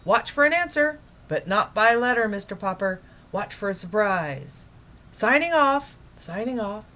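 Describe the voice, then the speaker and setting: A woman reading a children's book aloud, voicing a hearty male admiral broadcasting over the radio in a loud, announcing way. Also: mid-range voice, lively intonation, measured pace, voice pushed up. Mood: jovial.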